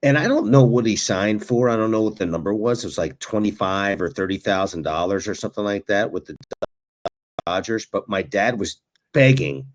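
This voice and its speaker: Brief: man, former pro ballplayer, low voice, lively storyteller on a sports talk show. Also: moderate pace. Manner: animated storyteller who chuckles while recalling. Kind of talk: casual sports chat.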